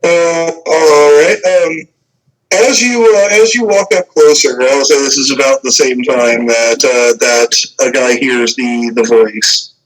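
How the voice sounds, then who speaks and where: A man narrating as game master, halting, with many fillers. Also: medium pitch, fairly even intonation, faint music behind, rough recording.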